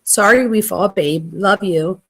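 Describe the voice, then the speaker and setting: A woman at a middle pitch reads text messages aloud for a true crime channel. She keeps it conversational and plain, dropping quick asides between the texts rather than acting out the senders. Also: fairly bright tone, husky. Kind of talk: reading text messages aloud with casual commentary.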